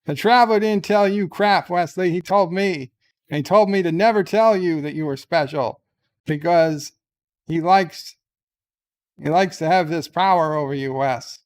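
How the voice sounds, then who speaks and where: A man voicing a scheming, blunt starship captain who mocks and shouts down a young crewman in a comic skit. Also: on the high side, slow pace, pauses often, clean tone. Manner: brash, mocking, loud outbursts.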